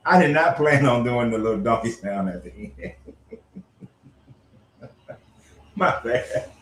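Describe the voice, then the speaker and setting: A man hosting a casual commentary show, reading scripture aloud and reacting in an animated, profane way. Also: mid-range voice, slow pace, long pauses, reverberant, slight background noise. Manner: animated, profane, frequently laughing. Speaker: host.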